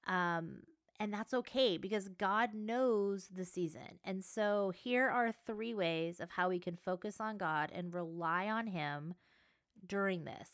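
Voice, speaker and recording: A woman talks through a faith podcast in a loose, chatty way, sprinkling in fillers and acting out her own thoughts. Her pitch sits in an ordinary middle range. The recording is dry and close, with almost no room sound. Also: fairly bright tone, dry recording. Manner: chatty, conversational, many fillers and self-quotes. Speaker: podcast host. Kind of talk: casual faith podcast talk.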